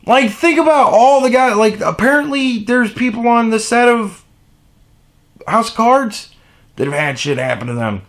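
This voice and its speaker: A man's voice: very high-pitched, lively intonation, normal speed. Fired-up profane man ranting solo. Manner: heated, profane, swinging from loud indignation to muttering. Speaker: podcast host. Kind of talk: solo opinion rant.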